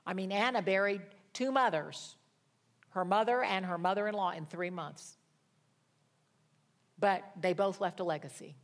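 A woman's voice: medium pitch, unhurried, long pauses. A woman preaching a sermon, speaking in emphatic, declarative phrases and mixing in humorous stories.

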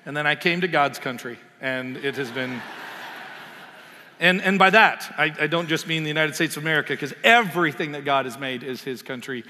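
A man's voice: fairly high pitch, brisk, bright, forceful tone. A man from Canada preaching as a pastor. He talks in a conversational way, with many "um"s and repeated words, and leads a prayer. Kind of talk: sermon with prayer. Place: church sanctuary. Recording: long reverb of a church hall.

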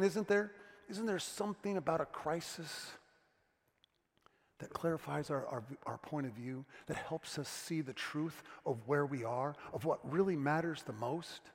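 Pastor, male, storytelling sermon delivery, slightly high voice with some gravel, long church echo. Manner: storytelling preacher, drops to a hushed tone for serious moments. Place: church sanctuary.

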